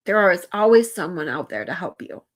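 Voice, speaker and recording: This streamer's voice is on the low side and expressive as she speaks casually with her chat on a live stream. Earnest and heartfelt, she frequently stops mid-sentence and starts over.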